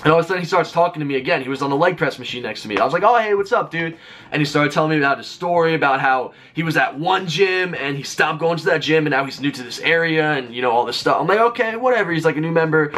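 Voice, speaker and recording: A man's voice: on the high side, fairly bright tone. A man in his twenties telling a story to his viewers in a chatty vlog style, filling his talk with "like". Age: 20s. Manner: rapid chatty delivery full of "like". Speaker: YouTuber.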